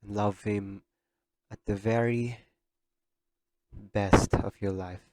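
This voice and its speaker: Podcast host, young man, low register, tearful sincerity, dry close mic. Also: fairly even intonation, slow pace, a little mellow, no echo. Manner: emotional, tearful, earnest. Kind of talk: heartfelt podcast monologue.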